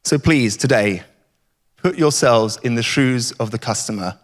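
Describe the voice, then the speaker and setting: Man, conference speaker, emphatic, rhetorical, mid pitch, long hall reverb. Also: measured pace. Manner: emphatic, rhetorical, repeats catchphrases. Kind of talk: keynote talk.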